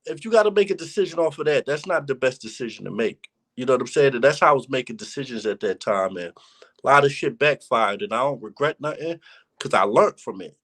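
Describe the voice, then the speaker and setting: A man's voice: mid-range voice, fairly bright tone. A young man in a casual interview, telling stories candidly and reflectively in street slang. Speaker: battle rapper, interview guest. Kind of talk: casual conversation.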